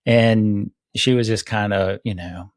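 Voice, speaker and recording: A man with a very low voice co-hosting a casual movie podcast. He retells scenes at an unhurried pace, pausing and restarting as he goes. The sound is dry and close to the mic. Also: steady tone, clean tone, dry recording. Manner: hesitant, many ums and restarts, slows when retelling scenes. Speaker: podcast co-host. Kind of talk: casual movie review chat.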